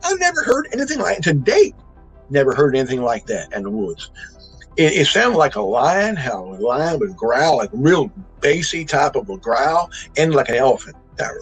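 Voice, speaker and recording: A man's voice: medium pitch, very animated, normal speed, faint music behind, poor audio. A man, telling a true encounter in a folksy, rambling way full of restarts and emphatic bursts. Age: 60s. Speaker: eyewitness storyteller. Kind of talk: casual spoken storytelling.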